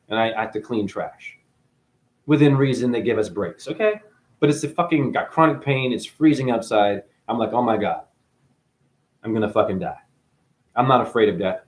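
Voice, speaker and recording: A man's voice: mid-range voice, darkish tone. A man delivering a profane, preachy spiritual rant straight at his viewers, swearing freely as he lectures them. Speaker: vlogger.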